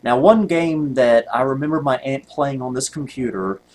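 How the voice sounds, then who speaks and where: A man's voice: mid-range voice, moderate pace, darkish tone. A man, rambling and joking at himself with many ums while commenting on gameplay. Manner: rambling, self-mocking, many ums and laughs. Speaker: retro computer video host.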